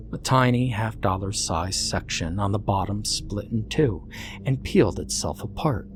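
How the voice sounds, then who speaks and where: A man narrating a horror story in a measured, suspenseful way. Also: fairly low pitch, a little hiss or hum.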